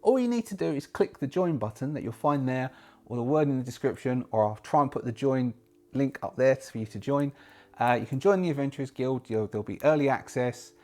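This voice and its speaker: A man's voice: medium pitch, a little fast. A man hosting a solo roleplaying channel, talking casually and rambling, often correcting himself mid-sentence. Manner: rambling, self-correcting, lively. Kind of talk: casual talk to camera.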